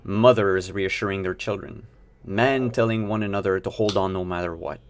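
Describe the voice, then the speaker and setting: A man's voice: deep voice, fairly even intonation, moderate pace, slight background noise. A man narrating as game master of a streamed tabletop game, casual and rambling with fillers.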